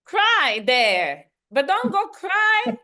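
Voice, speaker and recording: Slow, emphatic woman trainer. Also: very high voice, huge pitch swings, pushed and bright. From Central Africa. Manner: emphatic, repeats key lines, laughs easily. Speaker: workshop trainer. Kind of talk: online leadership training talk.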